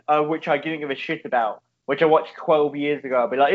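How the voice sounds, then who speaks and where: A man's voice: a little high, a little fast, hardly any pauses. Sweary rambling man, lo-fi. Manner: sweary, rambling, laughs often. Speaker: podcast co-host. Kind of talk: casual chat. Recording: dull lo-fi sound.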